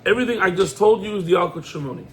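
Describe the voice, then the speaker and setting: A man, a rabbi, giving a lively Torah class in sprinkled quotes. He acts out the dialogue and fires off rhetorical questions. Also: sits high, racing.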